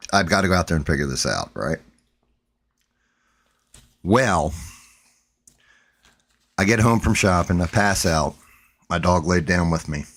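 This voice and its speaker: A man with a very deep, low voice tells a long story on his stream. He rambles, swears freely and restarts his sentences often, like casual chat with his viewers. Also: a bit bright. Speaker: stream host.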